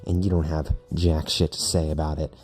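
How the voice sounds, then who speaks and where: A man's voice: a bass voice, little pitch movement, normal speed, darkish tone. A man doing a fierce, cursing girl named Charlie. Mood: angry. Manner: aggressive, cursing. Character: fierce, foul-mouthed young woman fan.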